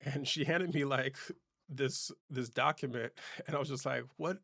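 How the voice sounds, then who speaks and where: A man's voice: medium pitch, steady tone, moderate pace, a bit bright, no echo, clean studio sound. A man in his forties, hosting his own show, telling a personal story in a loose, casual way full of fillers and restarts. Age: 40s. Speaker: host.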